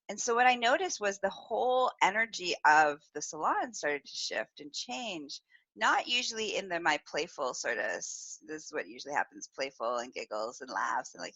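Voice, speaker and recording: A woman hosts her podcast, telling a personal story with lots of giggles and fillers. Her pitch swings widely and her tone is bright and forward. The recording is dry and a little dull. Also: big pitch swings, moderate pace, no echo. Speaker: podcast host, sexual wellness specialist. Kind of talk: casual storytelling monologue.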